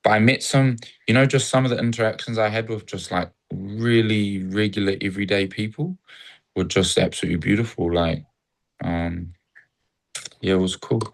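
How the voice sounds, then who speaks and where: A man's voice: lowish voice, fairly even intonation, moderate pace, creaky. A man from New Zealand with a New Zealand accent, talking casually as a guest in a reflective, rambling way. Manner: rambling, reflective, acts out cheerful greetings. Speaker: interview guest. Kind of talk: casual conversation.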